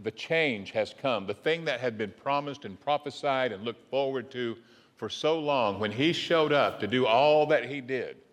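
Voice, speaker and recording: Pastor guy preaching, keeps stumbling over his words, mid-pitched voice, long echo in the sanctuary. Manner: halting, with many repeated words and fillers. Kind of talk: sermon. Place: church sanctuary. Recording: long reverb of a church hall.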